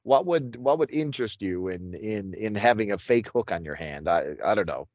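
A man's voice: lowish voice, expressive, moderate pace, a little mellow, no echo, highs cut off. A man co-hosting a casual comic book podcast, easygoing and chuckling, often stammering as he starts his points. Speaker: podcast co-host.

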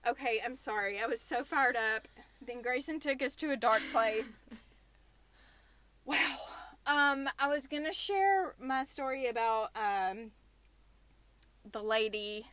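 A woman's voice: fairly high pitch, measured pace, a bit bright, no echo. A young adult woman hosting a casual podcast, telling stories and ranting animatedly from a small closet booth. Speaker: podcast host.

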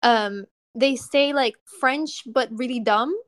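A young woman from Russia hosting a podcast, telling stories in a chatty, animated way with lots of "like". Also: on the high side, slow pace, no echo, clean studio sound. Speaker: podcast host. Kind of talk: casual chat.

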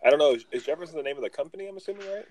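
A man hosting a podcast in casual chat, relaxed and full of fillers as he leads into segments. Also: on the high side, rapid-fire. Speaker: podcast host.

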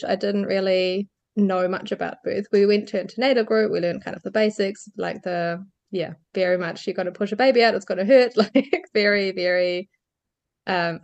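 Woman guest, mid-pitched, tells her story candidly with quick laughs. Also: gravelly, a little mellow, highs cut off. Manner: candid, laughs lightly between phrases. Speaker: podcast guest. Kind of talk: personal birth story in an interview.

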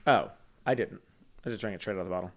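A man's voice: low-pitched, rapid-fire. A man in his thirties co-hosting a casual podcast, playful and campy, laughing often. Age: 30s. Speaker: podcast co-host. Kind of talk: casual chat.

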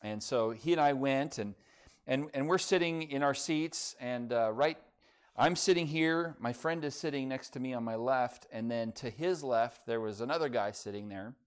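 A man's voice: medium pitch, normal speed, clean tone. A middle-aged man, a pastor giving a sermon in a church in a conversational, folksy way, telling a humorous family story.

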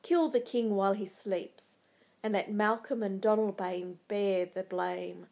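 A woman's voice: mid-range voice, fairly even intonation, unhurried, a little mellow, pitched below the performer's own voice. A woman voicing a scheming, ruthless noblewoman who coaxes, commands and scorns, read aloud from a storybook.

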